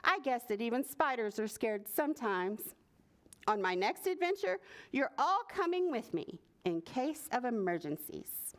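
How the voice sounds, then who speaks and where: Woman reading as a plucky, impatient little spider; raised, lively voice, storybook telling. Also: on the high side, a little slow. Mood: warm. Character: brave, busy little female spider.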